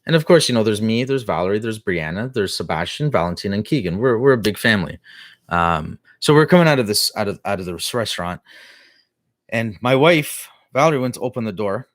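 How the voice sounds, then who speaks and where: Rambling middle-aged man with a low voice. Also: animated, a little fast, no room sound, clean studio sound. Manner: rambling storytelling with many restarts and fillers. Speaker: live-stream host. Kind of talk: casual live-stream chat.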